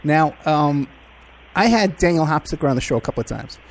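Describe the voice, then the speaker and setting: A man hosting a radio talk show, asking questions in a casual, conversational way with some halting restarts. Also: a little high, expressive. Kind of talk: interview.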